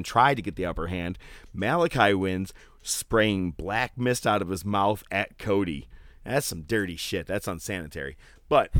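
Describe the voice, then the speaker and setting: Lively, joking male podcast co-host. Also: lowish voice, no echo, studio quality. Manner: animated, joking, swears casually. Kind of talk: casual chat.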